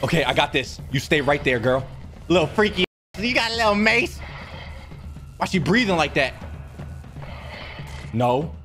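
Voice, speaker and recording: A man's voice: fairly high pitch, animated, moderate pace, long pauses, bright, forceful tone, faint music behind. A young man streaming a horror game, panicking, yelping and muttering to himself. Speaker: gaming streamer. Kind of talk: live horror game commentary.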